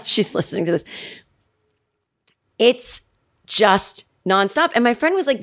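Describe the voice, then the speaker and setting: A woman in her forties hosting a podcast, telling a rambling comedic story in a chatty way and mimicking her family with shrill yells. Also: normal speed. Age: 40s. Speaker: podcast host. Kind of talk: casual comedic monologue.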